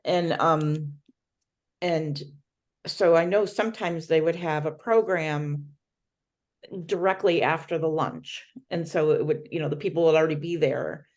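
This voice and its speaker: A woman's voice: sits low, fairly even intonation, a little slow. A woman from library staff in a roundtable discussion, offering a supportive idea while thinking aloud with fillers.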